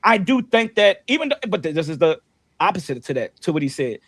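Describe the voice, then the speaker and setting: A man's voice: a little high, sing-song, a little fast, a bit bright, no room sound. A young man hosting a casual sports stream, easygoing as he reads and answers viewer comments. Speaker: podcast host reading live chat.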